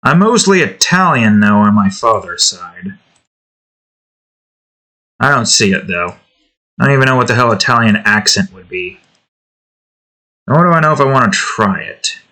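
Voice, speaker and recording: A man's voice: fairly low pitch, sing-song, normal speed, pauses often, bright, forceful tone. A young man hosting his own art channel, rambling in an offhand, self-deprecating way as he chats and draws. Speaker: artist and channel host. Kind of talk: casual chat while drawing.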